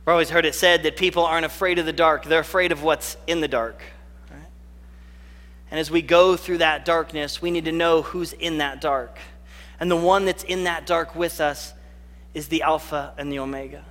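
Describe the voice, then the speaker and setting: A male pastor with a high, bright, forceful voice delivers an earnest sermon. He drags out the lines he wants to land. His voice rings out with a long reverb, as in a large hall. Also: steady tone. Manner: earnest, slows right down on key phrases.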